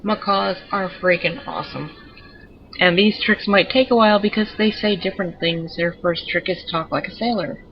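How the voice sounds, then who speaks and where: A woman's voice: medium pitch, moderate pace, slightly rough, dull audio, soft background music. Chatty woman narrating gameplay. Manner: chatty and digressive. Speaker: gamer showing off her pets. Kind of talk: casual gameplay commentary.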